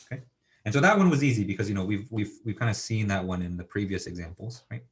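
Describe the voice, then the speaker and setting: A man's voice: on the low side, fast talker. A man giving a university engineering lecture, thinking aloud with lots of fillers and checking in with students.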